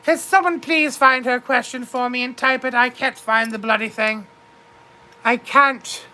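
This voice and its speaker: In character as a boozy, effusive duchess, a livestream host reads her comedic stream's chat in a put-on British accent, her voice high and sparkling. Her delivery is slow and grand, with fairly even intonation and a sharp tone, and everyone gets called darling.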